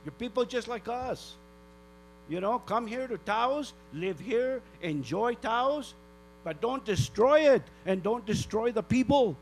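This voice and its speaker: An older man from northern New Mexico stands at a public comment microphone in a council chamber, scolding the officials with indignant rhetorical questions. His voice sits fairly high for a man. A steady electrical hum runs under the recording. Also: a little slow, rough recording.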